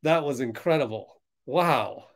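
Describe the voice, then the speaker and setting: A man hosting a fan livestream, reacting loudly to a basketball game as it plays and answering viewers in chat. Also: mid-range voice, measured pace. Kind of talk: live basketball watch-along commentary.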